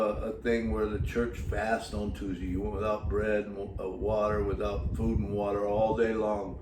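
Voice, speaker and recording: A man's voice: medium pitch, darkish tone, reverberant, recorded from a distance, a little hiss or hum, rough recording. A man, a son telling family stories about his mother in a folksy way, with many fillers and repeats. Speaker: son giving a tribute, gospel singer.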